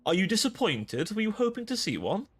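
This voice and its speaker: A man's voice: mid-range voice, big pitch swings, moderate pace, close to an everyday voice. A man putting on a gloating vampire lord. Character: teasing, domineering vampire lord, male.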